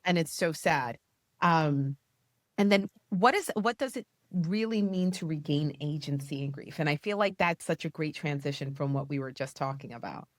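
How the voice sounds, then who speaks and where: A woman in her forties co-hosting a podcast, telling stories in a lively, casual way, full of "you know" and "like.". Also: deep voice, normal speed, dry recording. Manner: animated storytelling, many "you know" and "like" fillers. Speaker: podcast co-host. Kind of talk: casual conversational interview.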